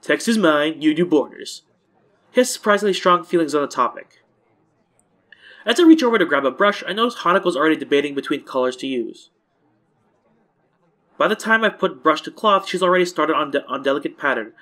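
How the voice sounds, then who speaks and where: A man's voice: on the high side, lively intonation, fairly quick, pauses often, bright, forceful tone. Casual man reading a story aloud. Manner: casual, stumbles and corrects himself. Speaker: let's-play host. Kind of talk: reading a visual novel aloud.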